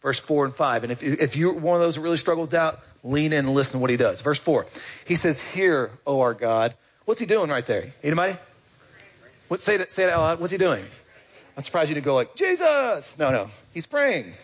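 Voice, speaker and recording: A pastor delivers a sermon in a relaxed, conversational way, often asking the congregation questions. His voice sits a little high for a man, with a husky edge. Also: brisk. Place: church.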